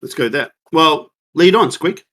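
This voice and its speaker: A man's voice: a little high, lively intonation, normal speed, sharp tone. A man playing in a tabletop role-playing game, chatting casually and sounding flustered and apologetic. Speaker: player.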